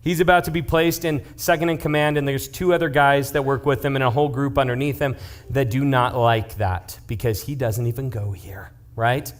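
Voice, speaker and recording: A man's voice: mid-range voice, moderate pace. A young man giving a casual youth sermon as youth pastor. He jokes and keeps checking in with his listeners as he tells stories. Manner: joking, conversational, checks in with the audience; lively storyteller.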